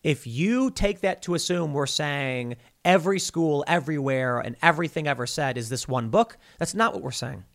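Man, podcast host, heated monologue, fairly high voice, frequent stammers and restarts. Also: normal speed, gravelly, hardly any pauses. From United States. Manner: animated, many restarts and stammers.

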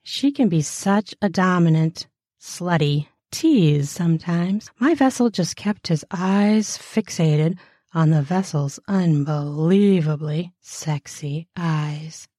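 A woman reading explicit first-person fiction aloud, with a slow, deliberate delivery and crude, mocking asides. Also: on the low side, expressive, mellow, dry recording, clean studio sound.

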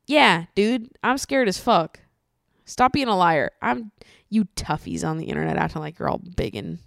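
A woman hosting a solo podcast, chatting casually with lots of swearing, laughter and animated ranting. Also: on the low side, moderate pace, gravelly, no echo, clean studio sound. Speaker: podcast host.

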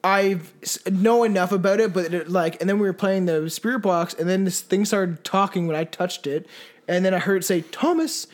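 Casting: high-pitched male podcast co-host, loose rambling delivery, swears often. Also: steady tone, a little fast. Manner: rambling, swearing, full of fillers and restarts. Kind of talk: casual podcast chat.

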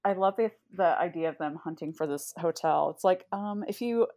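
A woman's voice: fairly low pitch, normal speed, darkish tone. A woman co-hosting a podcast, reacting loosely with fillers and the odd swear. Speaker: podcast co-host. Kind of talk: casual podcast chat.

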